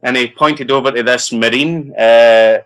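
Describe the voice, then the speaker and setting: A man's voice: medium pitch, steady tone, a little slow, fairly bright tone, clear, resonant tone, rough recording. A man, an actor guest telling a story in an interview and laughing as he goes. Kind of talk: anecdotal storytelling.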